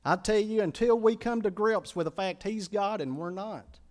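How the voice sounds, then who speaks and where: A middle-aged man, preaching a sermon as a pastor and telling his own testimony, rising from quiet confession to loud, pleading climaxes. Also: high voice, moderate pace.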